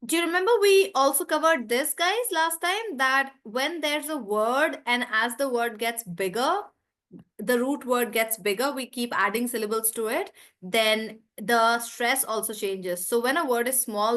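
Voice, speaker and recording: A woman's voice: a little high, fairly bright tone. Upbeat woman teaching pronunciation. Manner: upbeat, repeats words slowly to model stress, laughs often. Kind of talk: online class.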